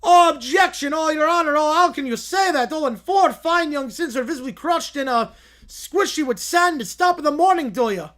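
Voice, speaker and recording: A man's voice: very high voice, lively intonation, normal speed, fairly bright tone, pitched above the performer's own voice. A man putting on a whiny mock-Irish complainer. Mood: whiny, indignant. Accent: fake Irish. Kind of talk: reading a story aloud, doing voices.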